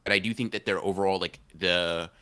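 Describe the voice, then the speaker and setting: A man's voice: low-pitched, fairly even intonation, brisk, pushed and bright, smooth. A man co-hosting a casual anime podcast stream, rambling, slangy and repeating himself as he argues his take. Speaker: podcast co-host.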